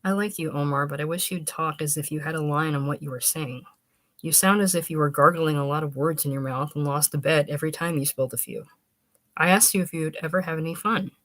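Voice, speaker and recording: A woman's voice: low voice, fairly quick, a bit bright, no echo. A woman reading aloud, voicing a flippant young woman who teases and drawls. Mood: bored teasing. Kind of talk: audiobook reading.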